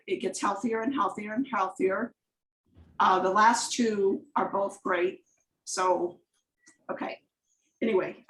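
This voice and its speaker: A woman's voice: mid-range voice, sharp tone, slight background noise. A woman giving a chatty, rambling slide presentation on a coaching video call, drifting into personal anecdotes. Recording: echoey room on a video call.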